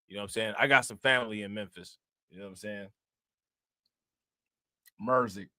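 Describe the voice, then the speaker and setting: A man hosting casual reaction commentary on crime news, animated and slangy, laughing often and giving shout-outs to viewers. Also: lowish voice, racing, dry recording, studio quality.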